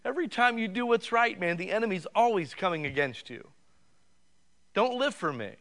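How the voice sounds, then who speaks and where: A man's voice: high-pitched, lively intonation, moderate pace, fairly bright tone. A middle-aged man preaching a sermon, conversational and rising at times to fervent, raised passages. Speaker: pastor.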